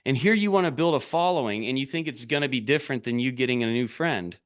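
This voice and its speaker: In a quick, mid-range voice, a man coaches on business straight to the camera. He urges his audience in an animated way, asking many rhetorical questions.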